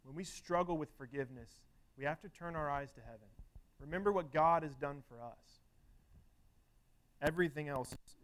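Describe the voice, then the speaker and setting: Earnest, higher-voiced male preacher. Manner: earnest, conversational, with frequent restarts and filler words. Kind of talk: sermon.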